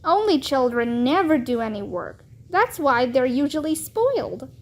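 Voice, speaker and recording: A woman's voice: high-pitched, sing-song, moderate pace, full character voice. A woman voicing a bossy, superior schoolgirl in a storybook read-aloud. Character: bossy know-it-all schoolgirl.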